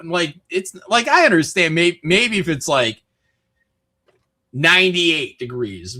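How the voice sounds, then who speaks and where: A man from Michigan hosting a stream, ranting casually with lots of swearing. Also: a little high. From Michigan, USA. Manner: rambling, swears often, animated rants. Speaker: streamer host. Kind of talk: casual chat.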